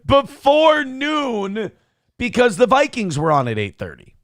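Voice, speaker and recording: A man's voice: a little high, huge pitch swings, fairly quick, fairly bright tone, no echo. A man hosting a casual morning talk show, rambling and self-deprecating as he reads viewer messages aloud. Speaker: show host.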